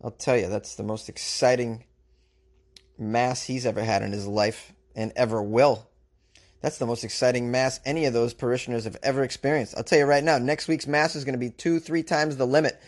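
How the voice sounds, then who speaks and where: A man's voice: medium pitch, steady tone, brisk. A man hosting a podcast, giving comic commentary on a news story in a rambling, self-mocking, joking way. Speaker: podcast host.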